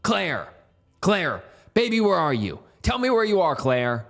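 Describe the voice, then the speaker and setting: A man voicing a desperate father who yells and pleads in panic. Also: high voice, sing-song, measured pace, vocal fry, soft background music, pitched above the performer's own voice, heavily acted. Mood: frantic. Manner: yelling, pleading.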